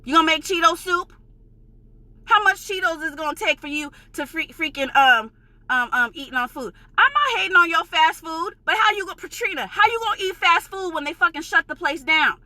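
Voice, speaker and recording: Heated, high-voiced New York woman ranting. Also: expressive, fairly quick, bright, forceful tone, no room sound. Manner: heated, emphatic and profane, insisting she is passionate, not angry. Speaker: vlogger. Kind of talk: ranting vlog.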